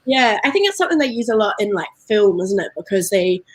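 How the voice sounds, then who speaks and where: A woman's voice: medium pitch, very animated, fast, breathy edge, dry recording, rough recording. A woman with a New Zealand accent, chatting casually as a guest, with plenty of fillers and laughs. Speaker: guest from a beer importer. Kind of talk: casual video-call chat.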